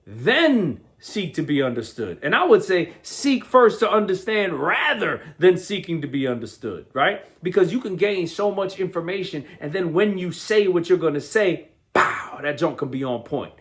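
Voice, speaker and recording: A man hosting a motivational podcast in an energetic, slangy talk, often restarting and asking "right?". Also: high-pitched, normal speed. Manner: restarts and repeats words often.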